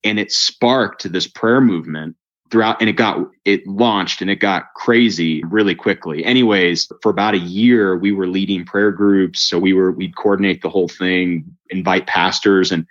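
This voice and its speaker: A man telling his faith story in a conversation, lively, acting out the voices of the people in it. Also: low voice, normal speed, lo-fi sound. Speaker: guest telling his testimony. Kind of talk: storytelling interview chat.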